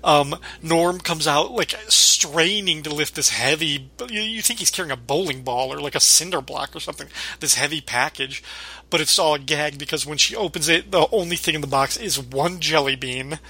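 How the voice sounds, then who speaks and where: Podcast co-host, male, bright tone, lively storyteller who laughs a lot. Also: on the high side, normal speed, husky. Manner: animated retelling, often laughing. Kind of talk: casual chat recapping a sitcom episode.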